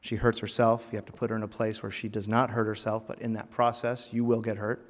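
A man preaching a personal sermon in a church, earnest, rising to emphatic lines and dropping to hushed, heavy phrases. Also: fairly low pitch, level tone, fast talker. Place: church sanctuary. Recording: long reverb of a church hall.

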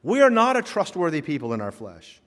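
A man's voice: on the high side, fairly quick. A man preaching in a church sanctuary, his voice swinging up and down as he tells stories and drops punchy asides. The long reverb of a big hall trails after every line. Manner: animated storytelling with punchy asides. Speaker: pastor. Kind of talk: sermon.

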